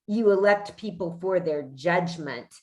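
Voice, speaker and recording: A woman podcast host chatting casually, fired up and indignant, swearing often as she talks. Her voice sits low, and she speaks slowly, often stopping to restart a sentence. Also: a little hiss or hum. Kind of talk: casual chat.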